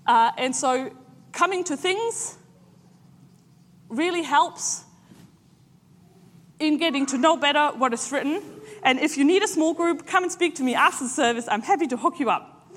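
High-voiced woman preaching in a reverberant hall. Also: fairly bright tone. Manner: conversational, halting, many filler pauses. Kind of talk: informal sermon.

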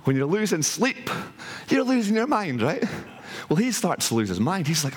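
A man retelling an ancient myth to an audience, in a lively, colloquial way with frequent restarts. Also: sits high, moderate pace, slightly rough. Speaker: speaker. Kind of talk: animated storytelling talk. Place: hall with an audience.

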